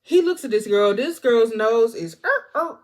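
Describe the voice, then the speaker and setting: A woman casually recapping a film's plot for a vlog, animated and acting out the characters' lines. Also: a little high, unhurried. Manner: animated storyteller, acts out the characters. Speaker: movie reviewer.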